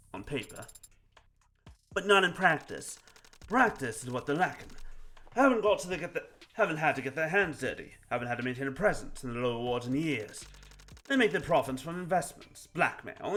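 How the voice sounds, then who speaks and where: Un hombre que hace de cantinero turbio con acento impostado. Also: male voice, mid-range voice, a bit bright, natural voice. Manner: put-on accent, knowing and sardonic. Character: shady male bartender, dry and worldly.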